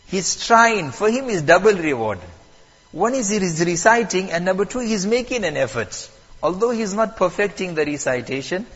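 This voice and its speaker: A man teaching Quran recitation at a mosque, calm and patient, repeating and stressing the key points. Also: a little high, breathy edge, long reverb tail, dull audio. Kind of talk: lesson on Quran recitation rules.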